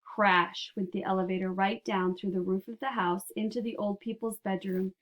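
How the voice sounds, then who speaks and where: A woman narrating a children's storybook aloud in a steady, clear way. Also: mid-range voice, moderate pace, lo-fi sound.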